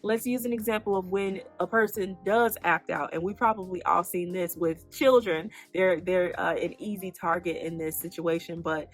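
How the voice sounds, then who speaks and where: A woman hosting a faith-based self-help podcast who teaches in an animated way, asking the listener questions and then answering them herself. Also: on the low side, normal speed, hardly any pauses, soft background music. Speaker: podcast host.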